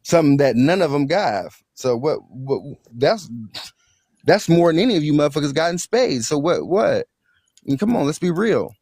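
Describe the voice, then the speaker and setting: A man's voice: a little high, very animated, normal speed, a little mellow, no room sound, studio quality. A man arguing heatedly in a live online debate, aggressive and profane, repeating himself and hurling threats. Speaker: social media personality in a live debate.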